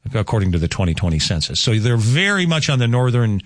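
Lively, folksy male radio host. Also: mid-range voice, fast, dry recording, clean studio sound. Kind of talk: morning radio talk show.

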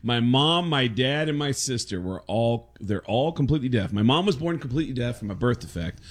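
A comedian man telling animated stories as a guest in a casual interview. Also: medium pitch, brisk. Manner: animated, lively storyteller.

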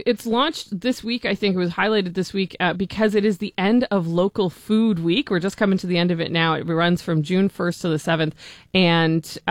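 A woman's voice: on the low side, dry recording, studio quality. A woman hosting a radio interview, chatty and enthusiastic, often restarting her sentences. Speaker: radio host.

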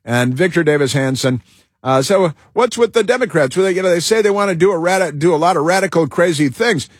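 A man talks his way through a loose host monologue, stopping and restarting, leaning on uh and um as he goes. His voice sounds husky and a little rough, and the recording is dry and close with no room sound. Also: on the high side, expressive, no echo. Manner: halting, with many fillers and restarts. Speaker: talk show host. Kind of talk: rambling talk show monologue.

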